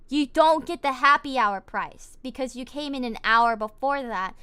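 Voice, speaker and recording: A young woman streamer telling a story in casual chat, animated and indignant, with lots of fillers. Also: high-pitched.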